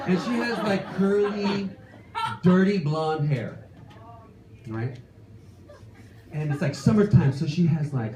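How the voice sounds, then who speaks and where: Man, late 30s, live stage storyteller; slightly high voice, self-deprecating, animated rants, echoey hall with faint ambience. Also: background noise. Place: stage before a live audience.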